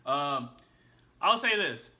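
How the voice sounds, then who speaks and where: High, bright-voiced man reacting bluntly. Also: sing-song, takes it slowly. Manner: blunt, repeats himself, slangy with "bro". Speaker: reaction video host. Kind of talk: casual reaction commentary.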